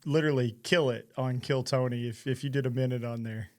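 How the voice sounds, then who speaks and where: A man's voice: mid-range voice, fairly even intonation, fairly quick. A man co-hosting a podcast who asks the guest questions, stumbling and restarting as he starts them. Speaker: podcast co-host. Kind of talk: casual interview chat.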